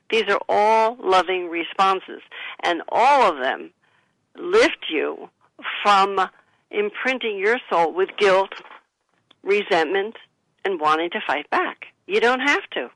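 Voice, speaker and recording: Woman with a gravelly, bright voice. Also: mid-range voice, expressive, takes it slowly, no room sound, low-quality recording. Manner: earnest, advising, gives listeners example phrases. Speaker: author guest. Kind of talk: radio interview. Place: studio.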